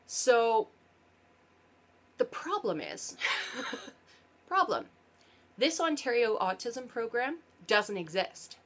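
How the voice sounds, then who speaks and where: A woman's voice: fairly high pitch, big pitch swings, slow pace, fairly bright tone. A parent and vlogger talking through a frustrating topic in a casual explainer vlog. She is earnest and sarcastic, and often stops to correct herself mid-sentence. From Canada.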